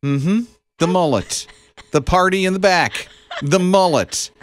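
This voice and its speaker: A man's voice: high voice, measured pace, slight background noise. A man co-hosting a morning radio show, chatting casually and telling stories with an easygoing, joking manner.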